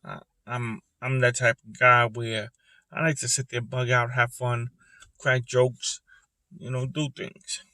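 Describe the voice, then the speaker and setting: A man's voice: medium pitch, little pitch movement, sharp tone, dry recording. Earnest man talking in his car. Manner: earnest, repetitive, halting, with pauses and restarts. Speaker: vlogger speaking about depression. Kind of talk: personal confessional monologue. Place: parked car.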